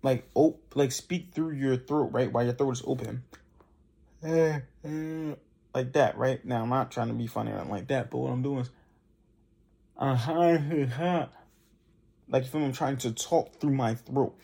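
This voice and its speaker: A young male podcast host talks quickly, with hardly any pauses, in a mid-range voice that is creaky and mellow with a breathy edge. He gives casual voice tips in a loose, conversational manner and demonstrates the exercises himself.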